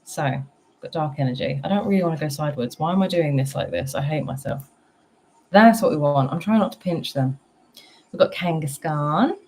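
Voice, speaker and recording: Chatty low-voiced British woman streamer. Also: darkish tone, a little hiss or hum. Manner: chatty, self-deprecating, reads chat aloud. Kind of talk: casual live-stream chat.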